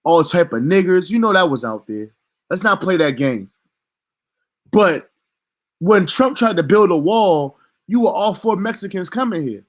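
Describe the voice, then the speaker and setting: Indignant man ranting, higher pitched. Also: animated, a little slow. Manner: profane, emphatic, indignant. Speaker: vlogger. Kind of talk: heated commentary rant.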